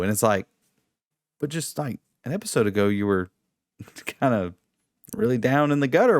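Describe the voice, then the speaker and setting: A man co-hosting a casual review chat, animated and mocking, slipping into impressions. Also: mid-range voice, moderate pace, pauses often, no room sound, clean studio sound. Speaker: podcast co-host.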